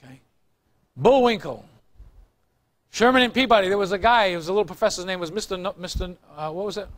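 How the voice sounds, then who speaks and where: A male pastor preaches in a high voice, loose and chatty, cracking jokes and teasing his congregation between points. He speaks to a live church crowd. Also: fast. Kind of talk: sermon. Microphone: recorded on tape in the room.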